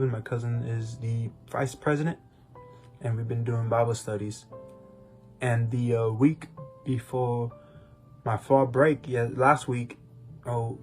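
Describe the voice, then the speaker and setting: A young man recounts his personal testimony in an easygoing, rambling way, circling back and restarting his sentences. His voice sits at an ordinary middle pitch, and faint guitar music plays softly behind him. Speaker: podcast co-host. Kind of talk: personal testimony, casual chat.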